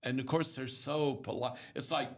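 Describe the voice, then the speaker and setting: A man's voice: mid-range voice, fairly even intonation, moderate pace, gravelly. An older man co-hosting a morning show, telling a rambling story with wry humor in casual chat.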